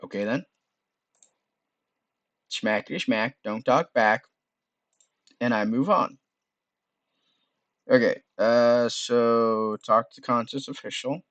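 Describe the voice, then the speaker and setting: A man's voice: mid-range voice, slow pace, pauses often, a bit bright, no echo. A man casually playing through a browser game, reading its text aloud and muttering to himself. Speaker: game streamer. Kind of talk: let's play with read-aloud game text.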